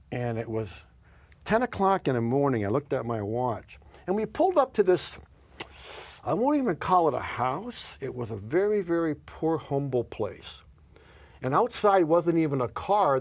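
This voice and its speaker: A man telling a story in an interview, acting out the dialogue with lively swings in his voice. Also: a little high, unhurried, no echo. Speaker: guest, company executive.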